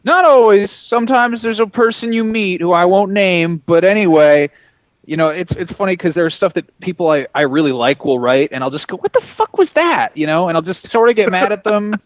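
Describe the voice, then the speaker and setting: Profane, animated man podcaster. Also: sits high, fairly quick, no room sound, dull audio. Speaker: podcast co-host, games writer. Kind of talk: casual podcast banter.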